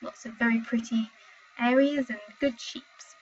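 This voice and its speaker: Young woman, from Wales, game streamer, talkative, excitable, breathy voice, dull lo-fi sound. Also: a little high, measured pace. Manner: chatty, excitable, exclaims at the game. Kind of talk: live gameplay commentary and chat. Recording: dull lo-fi home stream audio.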